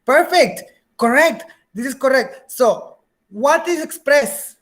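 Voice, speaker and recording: A woman's voice: sits high, expressive, slow pace. A woman teaching a beginner English class, patiently repeating words, checking that students follow, and slipping into Spanish now and then.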